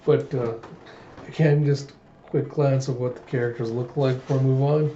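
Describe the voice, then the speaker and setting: A man's voice: mid-range voice, steady tone, normal speed, warm tone, a little hiss or hum. A young man casually narrating a manga read-through, chatty and loose as he recaps. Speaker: manga reader, video host. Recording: dull roomy home recording.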